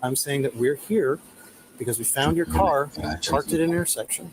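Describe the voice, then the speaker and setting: A man's voice: a little high, moderate pace, noisy background. A man working as a police officer, patiently coaxing a distressed woman to breathe and cooperate, recorded on a body camera. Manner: patient, soothing, repeats instructions. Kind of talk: calming a detainee. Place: convenience store, indoors.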